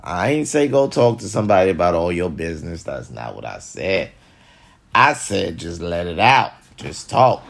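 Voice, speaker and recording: Low-voiced man on a cussing rant. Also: vocal fry. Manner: repetitive, preachy and heavy with cursing. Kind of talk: profane comedic rant to camera.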